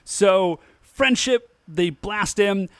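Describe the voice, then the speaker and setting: Bright-voiced man recapping on a dry mic. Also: high-pitched, drawn-out words, clean tone, no room sound. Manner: relaxed, recaps the plot with easy laughs. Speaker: podcast co-host. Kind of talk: casual chat.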